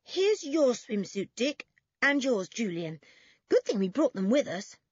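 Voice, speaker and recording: A hot-tempered tomboy girl snaps in a lively, slightly breathy voice, as a woman puts her on. The sound is dry and somewhat dull. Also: a little high, unhurried, dry recording, pitched above the performer's own voice, exaggerated voice. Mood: sulky. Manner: indignant, sharp-tongued.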